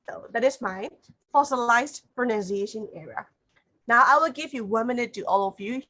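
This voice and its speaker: Woman lecturing teachers online, kinda high voice, lots of uh and how to say. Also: a bit bright. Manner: explains slowly with many fillers. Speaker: teacher trainer.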